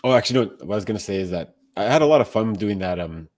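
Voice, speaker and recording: A man's voice: lowish voice, expressive, racing, a little mellow, dry recording, studio quality. A man acting as hype man on a livestream, upbeat and chatty. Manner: upbeat, laughs easily. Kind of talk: casual livestream chat.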